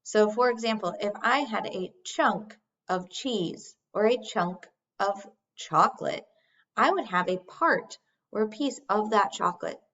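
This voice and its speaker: A woman teacher leads a recorded phonics lesson, speaking slowly and deliberately as she models sounds for young children. Her voice is medium in pitch and a bit bright. The recording has a dull, lo-fi quality.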